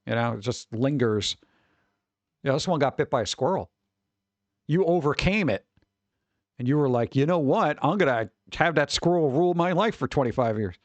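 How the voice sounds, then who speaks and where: A young man streaming, chatting casually while reacting to pet pictures, animated and chuckling, sometimes putting on funny voices for the animals. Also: medium pitch, moderate pace, pauses often, no room sound.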